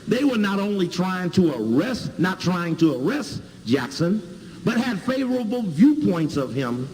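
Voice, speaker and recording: Emphatic lively man in a hall. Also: on the high side. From Chicago. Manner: emphatic, spells out and repeats key words. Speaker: lecturer. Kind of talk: lecture with video clips. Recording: hall reverb, faint ambience.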